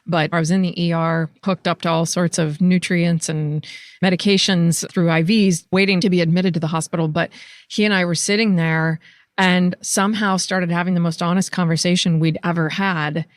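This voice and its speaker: Frank woman podcast host, low-pitched. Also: moderate pace, no room sound, clean studio sound. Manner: candid, swears freely, animated when retelling stories. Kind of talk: casual interview chat and closing narration.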